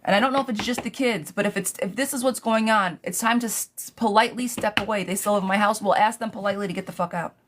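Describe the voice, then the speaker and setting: A woman's voice: mid-range voice, quick pace, few pauses, background noise. A woman giving a live tarot reading, with blunt and profane advice that she calls out to her viewers. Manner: blunt, profane, animated advice with frequent "girl". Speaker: tarot reader.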